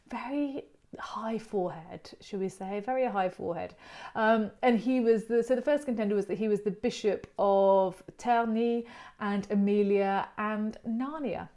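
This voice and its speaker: A woman hosting a relaxed educational chat. Her voice sits at an ordinary middle pitch, and she talks in a friendly, rambling way, often drifting into little anecdotes before returning to her point. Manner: chatty and digressive, telling stories on herself. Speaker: host of an online art channel's chat series.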